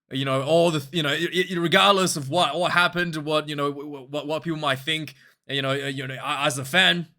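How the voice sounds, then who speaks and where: A man hosting a casual rugby match review vlog, talking in an animated, rambling way with frequent laughs. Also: a little high.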